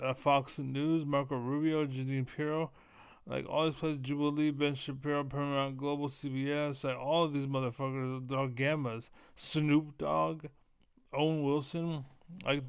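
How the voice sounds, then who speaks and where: A man streaming a casual, profane rant that rambles, with filler words repeated over and over and the throat often cleared. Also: medium pitch, no echo.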